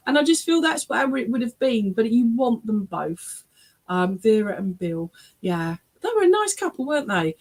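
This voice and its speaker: A woman's voice: on the high side, expressive, unhurried. An English woman, a spiritualist medium, giving readings at an online church service from her webcam, often checking in with "all right?" and "okay?". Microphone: webcam on a video stream.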